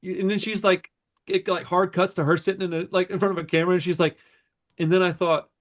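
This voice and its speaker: A man with a fairly high voice tells a long story on a podcast in casual chat. He rambles in an animated way, swears freely and keeps tossing in "bro" and "dude.". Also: quick pace. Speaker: podcast co-host.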